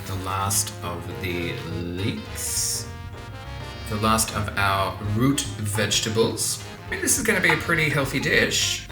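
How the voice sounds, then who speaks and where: A man hosting a cooking vlog, chatting casually and joking at himself as he cooks. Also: lowish voice. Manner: chatty and self-deprecating, talks while cooking. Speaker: cooking channel host. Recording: echoey kitchen with background music.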